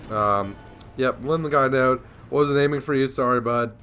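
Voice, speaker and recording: A man's voice: mid-range voice, moderate pace, a bit bright, faint music behind. A young man giving casual, rambling commentary over a naval war game, sleepy and yawning, joking at himself. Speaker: gameplay commentator.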